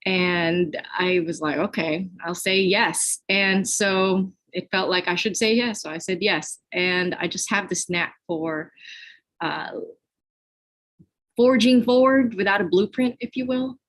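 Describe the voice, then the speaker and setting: A woman's voice: medium pitch, measured pace, low-quality recording. A woman from the Philippines answering interview questions earnestly about her spiritual work. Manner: earnest, spiritual talk with fillers. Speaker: podcast guest.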